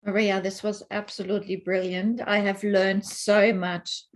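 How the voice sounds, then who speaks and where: A woman hosting an online event, thanking the speaker with warm appreciation. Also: medium pitch, flat delivery, a little slow. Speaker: host.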